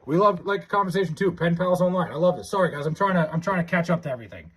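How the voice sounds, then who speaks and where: A young man races through his live stream in a high, slightly rough voice. He chats casually, reads viewer comments, and stammers excitedly with frequent restarts.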